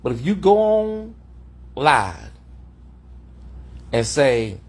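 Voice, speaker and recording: A man's voice: mid-range voice, sing-song, extremely slow, long pauses, slightly rough. A man hosting an unscripted livestream, talking in a sassy, mocking way and calling people honey, from a hotel room. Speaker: host of a livestream commentary show.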